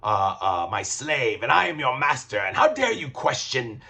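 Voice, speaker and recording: A man's voice: mid-range voice, big pitch swings, moderate pace, sharp tone, breathy edge, exaggerated voice. A man putting on a pompous commanding villain. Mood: mocking. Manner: haughty, commanding. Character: pompous male villain demanding obedience.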